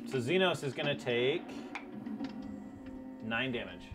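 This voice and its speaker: Halting male game master over music. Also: medium pitch, animated. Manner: halting, many ums and restarts. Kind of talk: narrating a tabletop game.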